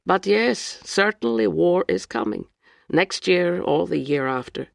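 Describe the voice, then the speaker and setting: A reader voicing a worldly, grave Russian woman traveller who speaks in a calm, matter-of-fact way. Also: medium pitch, measured pace, vocal fry, no room sound, studio quality, heavily acted.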